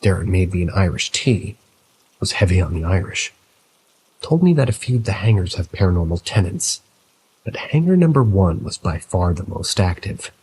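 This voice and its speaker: A man reading a scary story aloud in the first person, telling it in a measured way. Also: deep voice, very animated, darkish tone, slight background noise, low-quality recording. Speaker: narrator. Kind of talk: scripted horror story narration.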